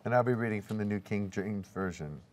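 Low-voiced man reading a verse. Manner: measured scripture reading. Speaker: Bible study participant reading scripture.

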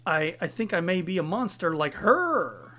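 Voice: mid-range voice, sing-song, normal speed, bright, forceful tone, soft background music. A player voicing an anguished young policewoman. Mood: distraught pleading. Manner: pleading, distraught line reading. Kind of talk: reading game dialogue aloud.

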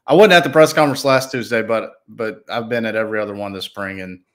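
An easygoing Southern man, guesting as a college sports reporter. His voice is on the low side, and he reports in a relaxed, matter-of-fact way. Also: fast talker. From Spartanburg County, South Carolina. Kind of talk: casual sports talk.

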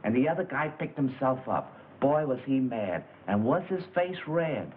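A man's voice: medium pitch, animated, moderate pace, natural voice. An actor playing a chatty young bellhop full of slang, eager to tell what he saw. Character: gossipy young hotel bellhop. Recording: tinny old film soundtrack with hiss.

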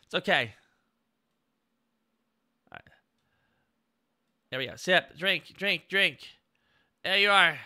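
A male streamer with an unusually high, piercingly bright voice that leaps up and down all over the place. He chats casually on a live stream and bursts into excitable, gushing thanks to his viewers. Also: slow pace, long pauses.

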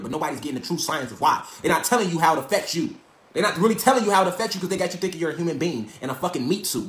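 Brief: fast-talking man, high voice, profane and preachy livestream lecturer, roomy echo. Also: a bit bright. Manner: profane, preachy, street slang, repeats himself. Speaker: livestream host.

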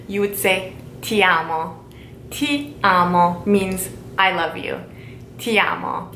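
Woman, online language teacher, slow careful repetition of phrases, echoey room, faint rumble behind. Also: fairly bright tone. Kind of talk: casual video lesson.

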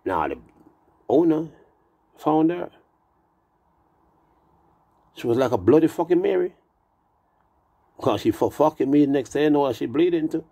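A man's voice: fairly high pitch, animated, unhurried, long pauses, warm tone, slightly rough. A man who has been drinking, rambling through a profane, meandering monologue full of wordplay. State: tipsy from drinking.

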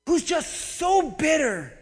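A man, a pastor, preaching a sermon in a church, animated and conversational, swinging between loud emphasis and quiet asides. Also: extremely high pitch, takes it slowly. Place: church sanctuary. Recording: long church hall reverb.

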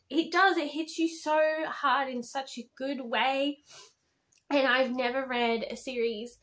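A woman's voice: high-pitched, fairly even intonation, a little slow, fairly bright tone. A woman reviewing a book in a casual vlog, gushing and heartfelt, often using "like" as filler.

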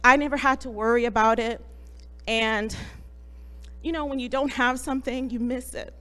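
Woman, mother, church testimony, soft and moved, fairly high voice, echoing sanctuary. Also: fairly even intonation, moderate pace, clean tone. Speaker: church member giving a testimony. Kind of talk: personal testimony to a congregation. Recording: long reverb from a large hall.

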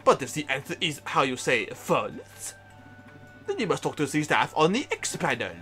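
A man's voice: a little high, huge pitch swings, normal speed, sharp tone, faint music behind, full character voice. A man voicing a fussy male island guide with a put-on French accent and theatrical broken English.

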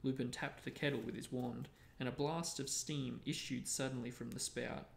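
Male reader, creaky tone, echoey room sound. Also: medium pitch, normal speed, a little hiss or hum. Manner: steady storytelling. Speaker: reader and show host. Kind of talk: reading a novel aloud. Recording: roomy echo.

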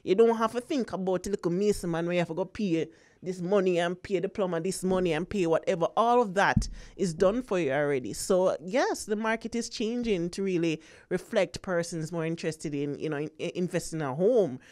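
A woman's voice: on the low side, fairly quick, a little mellow. A woman hosting a radio interview, talking conversationally with frequent "you know" fillers. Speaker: radio show host.

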